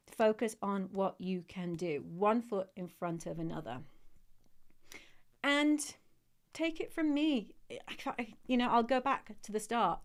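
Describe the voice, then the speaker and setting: A woman hosting a live podcast chat on dog training, warm and encouraging, getting emotional as she talks to her audience. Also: mid-range voice.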